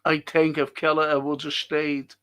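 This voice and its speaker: A man's voice: a little high, completely flat delivery, moderate pace, a bit bright. A man hosting a live fan show, reading viewer comments and ranting bluntly with plenty of swearing. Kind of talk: live-stream chat reading and rant.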